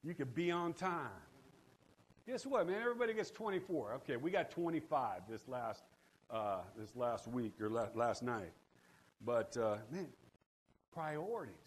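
A middle-aged man preaching a sermon, telling the story with lively asides and calling out to his congregation for responses. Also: mid-range voice, moderate pace. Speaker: pastor.

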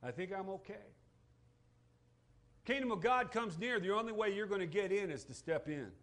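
A man preaching a sermon to his congregation, dropping to a hush and then rising to shouts, calling for amens. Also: sits high, lively intonation, brisk. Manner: dramatic preaching, swings from hushed to shouting; calls for amen from congregation. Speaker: pastor. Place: church sanctuary.

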